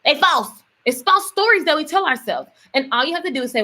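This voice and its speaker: A woman's voice: high-pitched, very animated, fairly quick, hardly any pauses, sharp tone. A young woman, coaching her audience in a casual motivational livestream, chatty and preachy and repeating words for emphasis.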